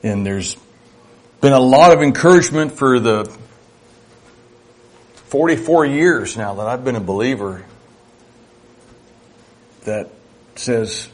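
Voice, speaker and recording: A man's voice: fairly low pitch, animated, a little slow, long pauses. A middle-aged man preaching a sermon in an earnest, conversational way, acting out little dialogues. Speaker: pastor.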